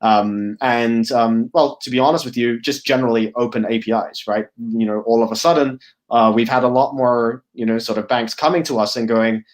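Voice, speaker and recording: Male guest speaker, casual presenting voice, lots of "um" and "right?", mid-range pitch. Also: steady tone, normal speed. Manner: thinking aloud, many fillers and restarts, tag "right?". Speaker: guest speaker, product officer. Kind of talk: conference presentation.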